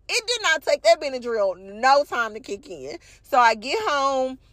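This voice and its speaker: A high-voiced young woman with a drawl and a stuffed-up, allergy-congested sound rants to her viewers in a casual, swear-filled way. The recording is close and dry, with no room sound around her. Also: dry recording. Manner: profane, animated, addresses viewers as y'all. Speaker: vlog host. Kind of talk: casual storytelling rant.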